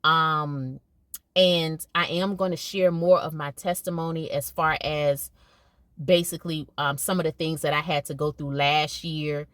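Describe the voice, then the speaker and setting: A woman's voice: sits low, fairly even intonation, unhurried, fairly bright tone, no room sound. A middle-aged woman talking casually to her viewers, emphatic and conversational, often repeating herself for emphasis. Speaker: podcast host and educator. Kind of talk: casual monologue.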